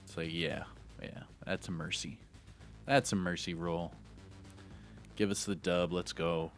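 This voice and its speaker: A man's voice: low voice, steady tone, a little slow, faint music behind. A man giving live, hyped, slangy commentary over his own gameplay, talking to himself as he plays. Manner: hyped, slangy, talks to himself while playing. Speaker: gaming YouTuber.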